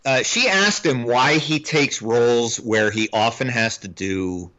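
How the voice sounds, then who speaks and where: A man's voice: mid-range voice, unhurried, sharp tone. A man co-hosting a film podcast in casual chat, rambling with restarts and easy laughs. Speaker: podcast co-host. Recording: slightly dull lo-fi audio.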